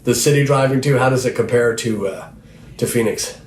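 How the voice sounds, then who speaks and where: A man's voice: mid-range voice, a little fast. A man hosting a podcast, chatting and rambling casually with plenty of laughs, recorded in a living room at night. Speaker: band member and podcast host. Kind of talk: casual chat. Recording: roomy with faint background noise.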